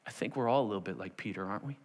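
A man preaching a sermon to a congregation, animated and acting out the scenes of the story in different voices. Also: fairly low pitch, very fast, big-room sound. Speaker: pastor.

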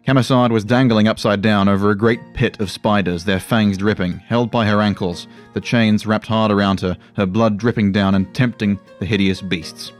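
A man with a fairly low voice narrates a fantasy tale, measured and dramatic in his delivery. A faint guitar plays softly underneath. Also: steady tone. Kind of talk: storytelling narration.

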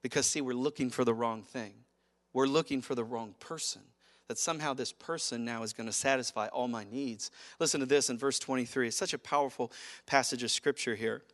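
A man preaching a sermon as pastor, animated, acting out quotes and chuckling as he speaks. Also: mid-range voice, brisk.

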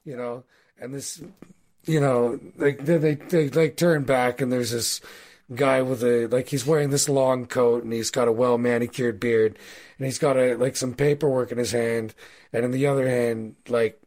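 A man narrating a tabletop role-playing game as game master, telling a fight scene in a loose, animated, swearing way. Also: medium pitch, moderate pace. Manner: animated, swearing, casual storytelling.

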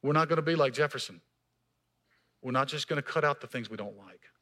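In church, a male pastor preaches with emphasis, his delivery moving from loud, raised passages down to quiet, hushed lines. He has a mid-range voice and goes a little fast.

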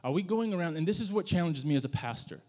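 A man's voice: a little high, animated, darkish tone. Man preaching in a reverberant hall. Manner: conversational, halting with frequent restarts. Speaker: pastor. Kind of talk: sermon storytelling.

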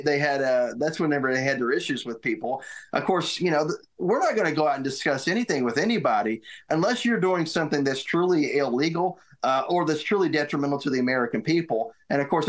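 A middle-aged man, a former military aide, recounting memories in a casual interview, halting and restarting often. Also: fairly high pitch. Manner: halting, many restarts and repeated words. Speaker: guest, former White House military aide.

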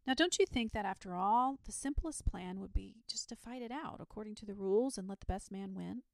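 A woman's voice: mid-range voice, fairly quick, creaky, no echo, voice pushed up, close to an everyday voice. A woman voicing a solemn, old-fashioned knight with a frank, courtly way of talking, in a storybook reading. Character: grave, courtly adult male knight.

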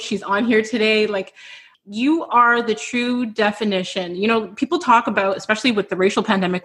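A woman hosting a virtual podcast celebration over a video call, effusive and close to tears as she praises her guests. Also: mid-range voice. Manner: effusive, tearful, warm affirmations. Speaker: podcast host. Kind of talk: emotional virtual event hosting.

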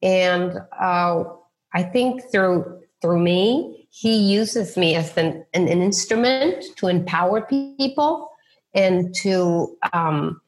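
A lowish, slow female voice belongs to a middle-aged real estate agent telling stories about faith in an interview. She dramatizes what others said and keeps restarting her lines.

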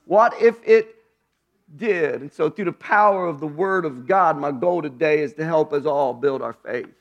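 A man preaching a sermon as pastor, moving from low hushed phrases to loud high exclamations. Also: normal speed, vocal fry, lo-fi sound.

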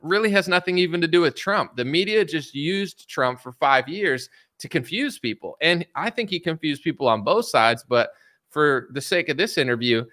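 A man talks straight into the mic in an opinionated commentary vlog, rambling through his points with plenty of filler words. His voice is bright and forceful. The sound is dry and close, with no room around it. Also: a little high, animated, normal speed, dry recording. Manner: rambling, opinionated, frequent "like" and "you know"; mocking quoted voices of media and politicians.

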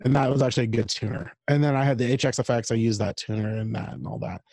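Man, gravelly voice, dry close mic, rambling casual podcast chat. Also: medium pitch, quick pace, dry recording, rough recording. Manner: rambling, animated, chatty. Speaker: podcast co-host. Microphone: home mic over video call.

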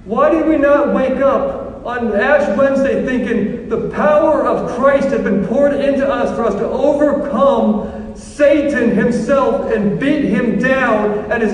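Animated priest in an echoey hall. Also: male voice, extremely high pitch. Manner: animated, swings from shouting to hushed. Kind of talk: sermon. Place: large church. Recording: echoey church hall from far off.

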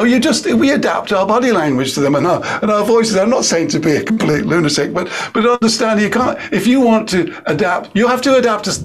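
An Englishman with a husky, breathy voice pitched a little high talks in an animated, emphatic way. He is a guest in an interview, explaining his ideas with lively energy. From England. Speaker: guest speaker and author.

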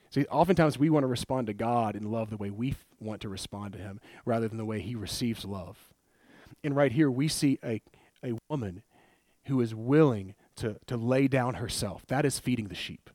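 A man preaching a sermon in a conversational, animated way, laughing often and retelling scripture with acted quotes. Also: mid-range voice, moderate pace, no echo, studio quality.

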